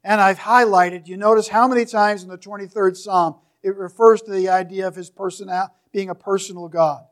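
A man preaching a sermon in a church, reading scripture slowly and with emphasis, his voice trailing softly at the ends of phrases. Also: high-pitched, steady tone. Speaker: pastor.

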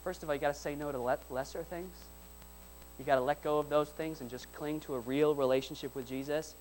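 A man with a fairly high voice preaches a sermon to his church congregation. His delivery swings from hushed asides to loud, driving repetitions that climb in force. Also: steady tone, brisk, faint music behind, rough recording. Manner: builds repeated lines into loud emphatic peaks; drops to soft, quiet asides between peaks. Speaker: pastor. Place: church service before a congregation.

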